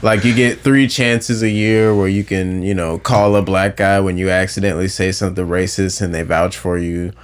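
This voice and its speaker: A man's voice: deep voice, steady tone, moderate pace, few pauses, slight background noise. A man co-hosting a podcast, joking and laughing often while telling a story in casual banter. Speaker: podcast co-host.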